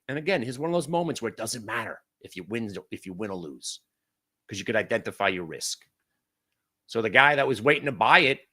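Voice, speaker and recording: Brash, excitable male trading host. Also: mid-range voice. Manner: brash, excitable, swings from loud outbursts to mutters; swears casually. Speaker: day-trading room host. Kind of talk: live trading commentary.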